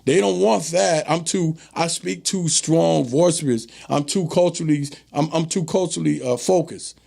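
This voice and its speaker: Male host, high-pitched with a gritty fry, emphatic commentary monologue that hammers on repeated phrases. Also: a little slow, darkish tone. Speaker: show host. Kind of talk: direct-to-camera commentary monologue.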